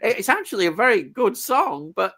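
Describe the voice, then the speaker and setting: A man in a casual chat, chatty and quick to laugh. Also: high-pitched, sing-song, pushed and bright. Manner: chatty, laughs often, trades song trivia. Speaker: podcast co-host.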